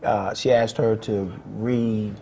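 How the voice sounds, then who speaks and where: Relaxed male interviewer. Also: fairly low pitch, slow, over a noisy crowd. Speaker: host. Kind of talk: casual interview.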